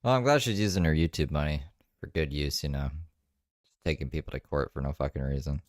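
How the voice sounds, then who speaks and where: Very deep-voiced sarcastic man. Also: a little fast, dry recording. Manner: dry, sarcastic asides. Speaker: commentary host. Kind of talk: sarcastic reaction commentary.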